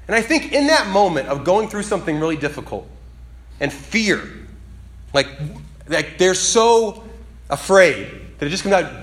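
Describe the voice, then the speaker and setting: A man's voice: very animated, moderate pace, a bit bright. A man preaching a sermon in a casual, conversational way that climbs to emphatic peaks. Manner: conversational, dynamic, rising to emphatic high peaks.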